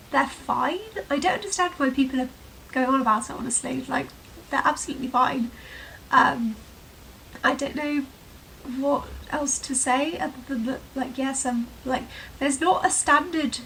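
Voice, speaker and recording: A woman's voice: high-pitched, pushed and bright, distant mic, slight background noise, low-quality recording. A woman from England with a shifting English accent, chatting casually to camera, full of fillers. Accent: mixed English, with touches of Herefordshire, London and Welsh. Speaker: vlogger. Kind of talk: casual rambling chat to camera. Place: room at home with sunlight coming in.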